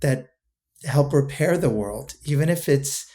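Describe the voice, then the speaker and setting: Medium-pitched, expressive and dark in tone, this unhurried man appears as a guest on a podcast, having founded companies twice. The interview is casual, and he speaks earnestly, frequently repeating words as he collects his thoughts.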